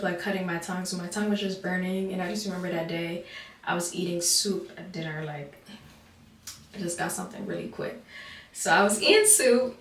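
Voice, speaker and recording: A woman's voice: medium pitch, a bit bright. A young woman telling a casual storytime, chatty and full of "like", talking through her teeth with an overbite. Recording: roomy, distant mic.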